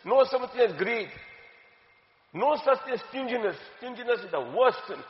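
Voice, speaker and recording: A woman's voice: on the high side, lively intonation, moderate pace. Earnest woman teaching in an echoey hall. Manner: earnest, repeats key phrases for emphasis. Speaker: religious teacher. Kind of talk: religious talk. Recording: dull, echoey hall with long reverb.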